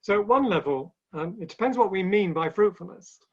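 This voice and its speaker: A man's voice: high voice, expressive, a little fast, breathy edge. A man speaking as a guest in a webinar conversation, telling stories with light humor in a chatty way. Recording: dull lo-fi online call audio.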